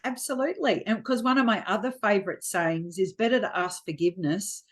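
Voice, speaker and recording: A middle-aged Australian woman guests in a casual interview, telling stories frankly and chattily and acting out quotes. Her mid-range voice moves a little fast.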